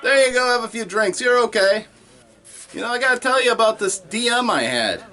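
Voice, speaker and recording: Boastful bard comic, played by a man, in-character stand-up, bright lively delivery, laughs at own puns. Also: extremely high pitch, a little fast, heavily acted. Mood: cheesy. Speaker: stand-up comedian.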